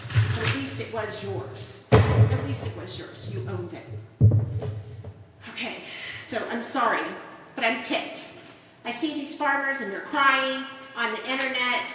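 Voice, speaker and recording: A woman who reads tarot cards, giving ranting commentary and scolding her listeners with rhetorical questions. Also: a little high. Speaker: tarot reader. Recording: echoey room, far from mic, noisy.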